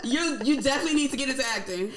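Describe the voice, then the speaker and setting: A woman's voice: sits high, animated, racing, crowd noise. A woman hosting a podcast, asking playful, teasing and blunt questions in a casual chat. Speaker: podcast host.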